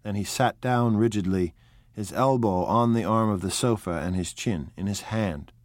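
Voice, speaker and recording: A man narrates a novel in a steady, measured, unhurried way. His voice sits low, recorded close with a dry, dead sound. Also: no echo. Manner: measured, even, unhurried reading. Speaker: audiobook narrator. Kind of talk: scripted narration.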